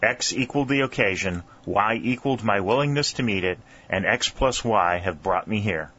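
Reader playing a pedantic young recruit, formal and exact; low voice, dull lo-fi sound. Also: male voice, expressive, moderate pace, bright, forceful tone, breathy edge, exaggerated voice. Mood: precise, proud. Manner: precise, formal, pedantic diction. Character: precise, bookish young schoolteacher soldier, man.

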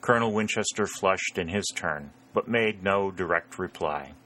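A man reading a historical novel aloud in a measured, even storytelling manner. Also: low voice. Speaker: narrator. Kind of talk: audiobook narration.

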